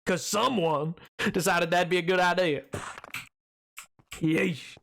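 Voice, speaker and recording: A man's voice: high voice, steady tone, moderate pace, vocal fry, fairly bright tone, slight background noise. A young man streaming a game, chatting casually with his viewers in a rambling way full of restarts. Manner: rambling, talks to chat, many restarts and fillers.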